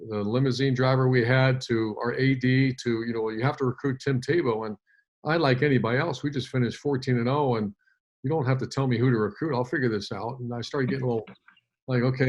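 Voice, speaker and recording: A man's voice: mid-range voice, brisk. A man in his fifties, a former head coach, telling a long story in an interview with many fillers and restarts.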